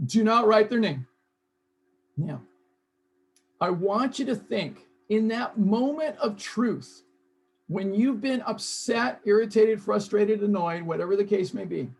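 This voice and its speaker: A man's voice: high-pitched, creaky, husky. A man leading an online seminar, coaxing his audience to join in. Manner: coaxing, urges audience to participate. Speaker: seminar leader.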